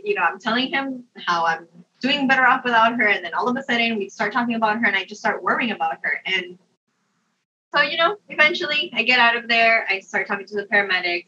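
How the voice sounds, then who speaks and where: A young adult woman telling a personal story in a casual, animated way, laughing often and using lots of fillers. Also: a little high, slight background noise. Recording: dull, distant mic sound.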